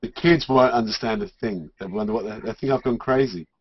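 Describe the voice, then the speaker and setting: A man's voice: lowish voice, a little fast, slightly rough, no echo. A male teacher chatting in a group call, talking wryly with hesitations, over dull lo-fi audio.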